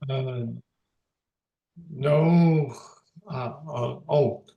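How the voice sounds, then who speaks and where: A man answering as a student in an online class, slow and deliberate with hesitations, heard in an echoey room. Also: medium pitch, creaky, dull audio.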